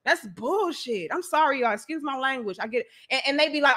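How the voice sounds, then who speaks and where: A woman hosting a casual live stream, reading donations and speaking in an animated, outspoken, slangy way. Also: sits high, fairly quick, hardly any pauses.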